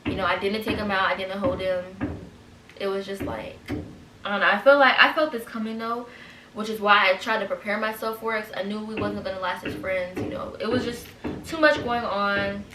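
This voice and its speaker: A woman's voice: medium pitch, steady tone, brisk, noisy background. Young woman rambling thru a storytime vlog, a bit teary, echoey room, kinda far from the mic. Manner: rambling, full of "like" and "you know". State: teary, holding back tears. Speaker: vlogger. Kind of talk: casual personal storytime. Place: home room. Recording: roomy echo, speaking a bit off-mic.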